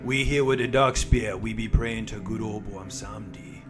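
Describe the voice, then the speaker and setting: A man voicing a laid-back male jungle troll from a video game, talking low and rolling with a put-on troll accent. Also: normal speed, music in the background, lightly acted. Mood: boastful. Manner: low, rolling, lilting delivery.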